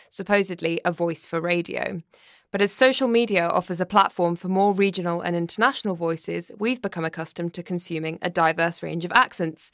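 A woman from the West Midlands hosting a podcast, presenting in a measured, articulate way. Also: lowish voice, a bit bright, dry recording, clean studio sound. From West Midlands, England. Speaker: podcast host.

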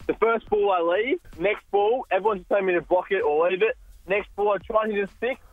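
A man's voice: high voice, fairly quick, no echo. A man who has called into a radio show recounts a match in a plain, matter-of-fact way. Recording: tinny phone line.

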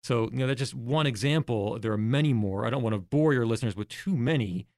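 A man's voice: medium pitch, quick pace, a little mellow, dry recording, studio quality. A man, a guest researcher in a podcast interview, explaining his points step by step and walking through examples.

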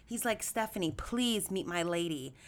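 A woman hosting a podcast, telling a story in a chatty, animated way, addressing her listeners as y'all and acting out quoted voices with big jumps in pitch. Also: normal speed. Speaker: podcast host. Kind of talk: casual storytelling monologue.

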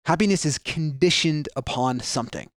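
A man's voice: on the high side, moderate pace, fairly bright tone, no room sound, clean studio sound. A man explaining ideas earnestly in a podcast conversation, with frequent restarts and fillers.

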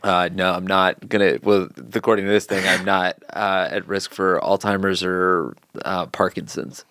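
A man co-hosting a podcast, chatting casually with deadpan, dry one-liners and halting, filler-heavy delivery. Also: low-pitched, no echo. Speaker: podcast co-host. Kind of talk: casual comedic chat.

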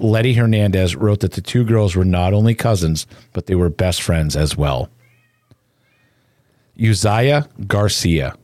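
A man with a very low, deep voice reads a somber news report, solemn and measured. The sound is dry and close, with no room around it. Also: darkish tone, dry recording. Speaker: news narrator.

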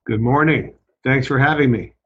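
A man's voice: medium pitch, normal speed, husky, highs cut off. A man with a Brooklyn accent, co-hosting a podcast in casual, chatty conversation. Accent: Brooklyn New York. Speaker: co-host.

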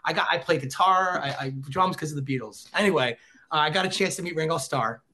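A middle-aged man as a podcast guest, an excitable storyteller who acts out quotes in casual chat. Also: a little high, fast, a little hiss or hum. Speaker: podcast guest, former celebrity reporter.

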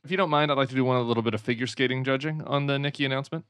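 A man's voice: medium pitch, racing, clear, resonant tone, dry recording. Man co-hosting, dry close sound. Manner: relaxed, conversational, thinking aloud. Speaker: podcast co-host. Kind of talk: casual political chat.

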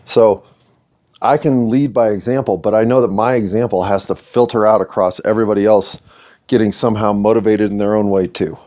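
A man's voice: on the low side, fairly even intonation, fairly quick, dark tone. A middle-aged American man hosting his own video series, talking earnestly to the camera with playful asides. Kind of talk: reflective monologue to camera.

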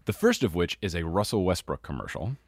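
A man's voice: deep voice, very animated, brisk, breathy edge, dry recording, clean studio sound. A young man chatting casually as a sports podcast co-host, describing things with frequent laughs. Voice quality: chatty, giggly storyteller.

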